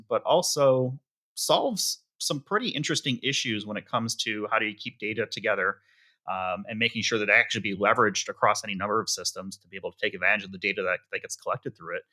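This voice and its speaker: Bright-voiced man co-hosting a podcast. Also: lowish voice. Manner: chatty, relaxed, quick to laugh. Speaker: podcast co-host. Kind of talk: casual podcast chat.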